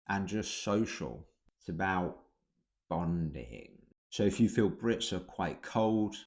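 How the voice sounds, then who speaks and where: Deep-voiced British man, dry delivery. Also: darkish tone. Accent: British English. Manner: dry, understated, with wry asides. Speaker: video host explaining British culture. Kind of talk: explanatory video talk.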